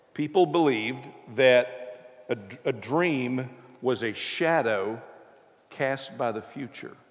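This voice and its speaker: A male preacher giving a sermon in a church, telling the story conversationally with touches of humor. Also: mid-range voice. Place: church sanctuary. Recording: reverberant church hall.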